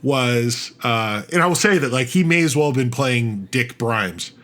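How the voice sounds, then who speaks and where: A man co-hosting a podcast, retelling a tabletop game session in a rambling, animated way, full of restarts and fillers. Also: medium pitch, a little slow, slight background noise. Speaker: podcast co-host. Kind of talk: casual storytelling chat.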